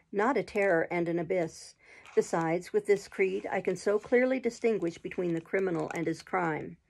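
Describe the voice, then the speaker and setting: A gentle, patient schoolgirl, read by a woman in a storybook audiobook, reasoning calmly and earnestly. The voice has a husky, breathy edge with a gravelly fry underneath. Her delivery stays even and measured. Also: medium pitch. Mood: serene. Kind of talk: audiobook reading.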